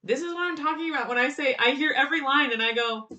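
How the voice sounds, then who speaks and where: A woman giving casual, excited fan commentary on a TV show, laughing often and quoting lines in quick bursts. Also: sits high, muffled recording.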